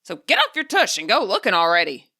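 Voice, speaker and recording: A woman's voice: medium pitch, wildly swooping pitch, quick pace, pushed and bright, exaggerated voice. A woman voicing a grumpy old male spirit who scolds and huffs. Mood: grumbling. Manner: huffy, scolding.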